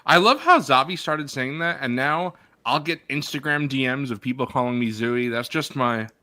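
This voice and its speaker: A man's voice: medium pitch, animated, moderate pace, pushed and bright, no room sound. A man in a casual group podcast chat who laughs a lot and tells rambling stories. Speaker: podcast guest.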